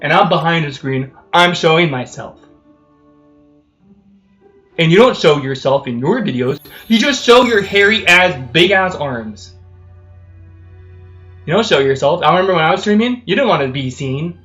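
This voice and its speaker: A man from California, a game streamer, delivering a heated, profane rant on his live stream that swings between loud outbursts and low muttering. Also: expressive, normal speed. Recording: echoey room with faint music.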